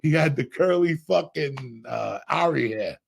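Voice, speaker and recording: A middle-aged man hosting a podcast, a loud, profane storyteller with a gravelly, husky voice. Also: fairly high pitch, lively intonation, measured pace. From Cuba. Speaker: podcast host.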